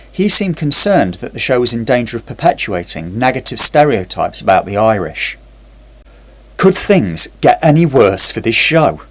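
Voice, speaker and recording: A man's voice: medium pitch, fairly bright tone. A man narrating a scripted TV review in a sarcastic, critical way.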